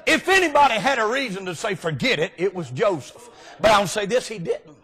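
High-pitched shouting preacher. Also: male voice, very animated, brisk, slightly rough. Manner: folksy, often bursts into shouting. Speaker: guest preacher. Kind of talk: revival sermon. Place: church sanctuary.

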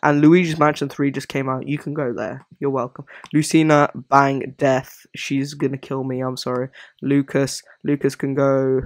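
Rambling, apologetic young-sounding gamer. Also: male voice, medium pitch, little pitch movement, moderate pace, no echo. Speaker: gaming video creator. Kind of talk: casual commentary on a character ranking.

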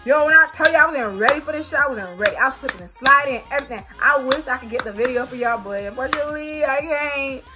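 A woman vlogger telling a storytime to her viewers, animated and swearing freely. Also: sits high, quick pace, few pauses, music in the background. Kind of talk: storytime vlog.

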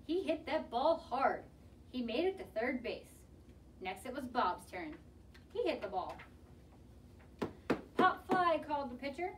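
Woman reader, lively storybook read-aloud, fairly high voice, swings up and down a lot; mic set back, faint room ambience. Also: normal speed, distant mic, a little hiss or hum, poor audio. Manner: lively, expressive reading. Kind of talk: children's picture book read-aloud.

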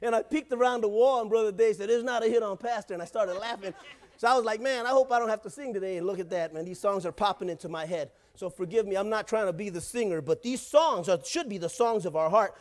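Male pastor with a high voice, relaxed and jokey delivery, keeps asking the congregation for responses. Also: fast. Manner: casual, joking, calls out to the congregation. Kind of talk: sermon. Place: church.

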